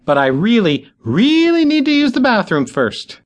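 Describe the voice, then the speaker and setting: A male narrator voicing an anxious young woman who whines and pleads in a high, squeaky voice. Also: huge pitch swings, moderate pace, full character voice. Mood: distressed. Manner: whiny, high-pitched pleading.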